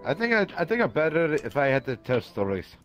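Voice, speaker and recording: A man's voice: a little high, very animated, fairly quick, fairly bright tone, no echo. A man voicing a crude, bumbling male leprechaun stand-up comic who stumbles and repeats himself, over voice chat with music behind.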